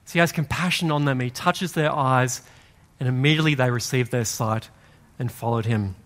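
A man preaching a sermon in a conversational, animated way, acting out quoted voices in a louder tone. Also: medium pitch, moderate pace. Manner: animated storytelling, acts out quoted voices loudly; conversational, uses "like" often. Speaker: pastor.

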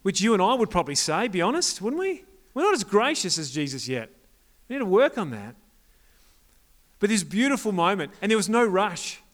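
High-voiced man preaching to youth. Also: wildly swooping pitch, brisk. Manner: casual, joking, asks the crowd questions. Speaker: youth group speaker. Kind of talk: sermon to a youth group.

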